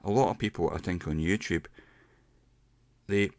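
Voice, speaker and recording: A middle-aged man giving a casual pronunciation lesson, explaining step by step and slowing down to demonstrate sounds. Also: low voice, darkish tone, dry recording. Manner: unhurried, explains step by step with slowed demonstration words. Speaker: English pronunciation teacher.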